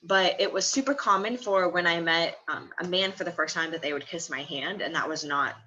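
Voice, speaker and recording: Bright-voiced young Midwestern woman. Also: on the low side, fairly quick, lo-fi sound, a little hiss or hum. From American Midwest. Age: 20s. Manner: chatty, laughs often between phrases. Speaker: study abroad student. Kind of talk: casual vlog talk.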